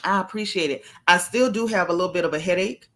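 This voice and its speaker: A woman's voice: on the low side, quick pace, fairly bright tone. A woman hosting a casual livestream, chatty and familiar as she greets her viewers one by one. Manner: playful and familiar. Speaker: livestream host.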